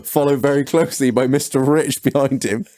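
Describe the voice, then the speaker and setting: A man's voice: medium pitch, brisk, background noise. A man hosting a casual podcast, telling stories full of swearing. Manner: profane, animated anecdote-telling. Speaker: podcast host.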